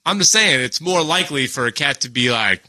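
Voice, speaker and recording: A man's voice: medium pitch, lively intonation, a little fast, bright, forceful tone, no room sound. A young man co-hosting a podcast in casual chat, swearing freely and acting out animals in mock voices. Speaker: podcast co-host.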